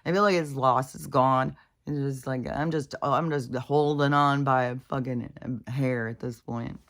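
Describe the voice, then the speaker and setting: A woman's voice: a bass voice, fairly even intonation, measured pace. A woman talking in a casual, rambling way, venting and swearing freely while worn out and in pain. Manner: profane, venting, full of fillers. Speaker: vlogger.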